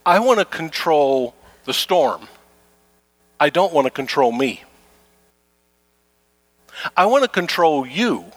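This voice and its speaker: A man's voice: on the high side, very animated, slow, long pauses, fairly bright tone, dry recording. Preaching man, repetitive and conversational. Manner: conversational preaching, repeats phrases, acts out complaints. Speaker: pastor. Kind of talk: sermon.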